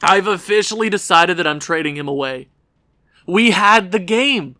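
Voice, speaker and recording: A man commentating his own hockey video game session, swinging into frustrated yelling at his goalie. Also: high voice, lively intonation, normal speed, no echo, studio quality. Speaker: gaming YouTuber.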